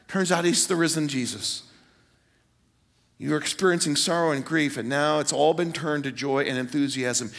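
High, bright-voiced man preaching in a hall. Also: a little slow. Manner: animated storytelling, voices quotes with rising pitch. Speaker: pastor. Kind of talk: Easter sermon. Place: large church hall. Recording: reverberant church hall.

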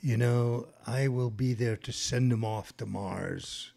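A man's voice: mid-range voice, takes it slowly, creaky, warm tone. An older man from New Jersey, co-hosting a casual podcast, rambling through bawdy stories and laughing easily. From New Jersey, USA. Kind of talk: loose casual podcast banter.

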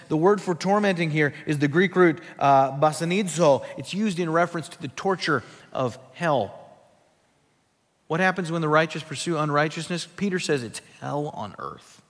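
A male pastor preaching a sermon, emphatic and full of rhetorical questions, dropping to a hush for weight. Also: a little high, big-room sound. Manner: emphatic, rhetorical questions, swings between loud and hushed.

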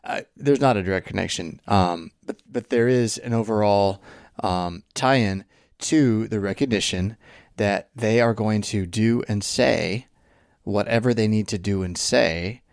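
Male pastor co-host, low gravelly voice, searching and halting delivery. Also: no room sound, clean studio sound. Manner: halting, searching speech with many restarts and fillers. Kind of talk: reflective discussion.

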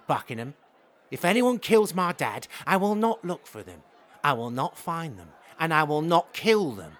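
A man voicing a dangerous, impetuous young nobleman who threatens calmly and politely. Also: fairly high pitch. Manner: calm, clipped, politely threatening.

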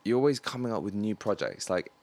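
Low-voiced easygoing male host. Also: lively intonation, quick pace, a little mellow, no echo. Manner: easygoing, friendly questions, filler-heavy. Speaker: podcast host. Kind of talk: casual conversation.

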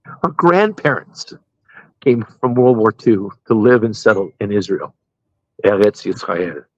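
A man's voice: fairly low pitch, expressive, a little slow, no echo, lo-fi sound. A middle-aged man, a pastor, telling stories from his life in a casual interview and laughing at his own jokes.

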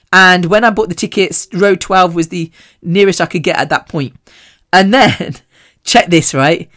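A woman's voice: fairly low pitch, unhurried. Chatty woman telling stories. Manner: chatty, animated storytelling; laughs often. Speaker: podcast host. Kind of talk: casual chat.

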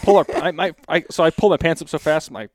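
Man, slightly high voice, lively storyteller, chuckles a lot. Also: fast, no echo, studio quality. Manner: animated storytelling, laughs often, many restarts. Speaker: podcast regular telling a travel story. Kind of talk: casual podcast chat.

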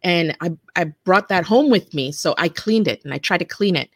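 A woman in her forties, a guest telling a personal story in an earnest, halting way with many restarts. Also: lowish voice, expressive, dry recording, clean studio sound. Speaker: interview guest. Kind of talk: personal testimony in conversation.

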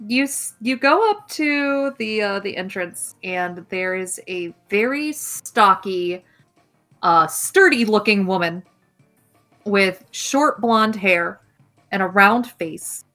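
A woman's voice: medium pitch, animated, slow pace, fairly bright tone, faint music behind. A woman narrating a tabletop game as game master, casual with lots of fillers.

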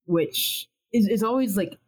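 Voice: medium pitch, measured pace, poor audio. A TV animation writer talking casually in a podcast interview, rambling and acting out their own thoughts as quotes.

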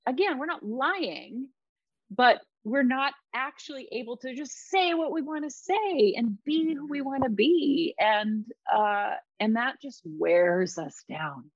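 A woman's voice: a little high, sing-song, takes it slowly, no echo, dull audio. A middle-aged woman speaking emphatically and reflectively in a casual podcast conversation, often repeating her words.

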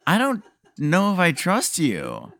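A man's voice: high-pitched, huge pitch swings, slow pace, vocal fry, a bit bright, no room sound, clean studio sound. A man casually playing along in a comedic role-play, hesitant and laid-back. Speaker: player.

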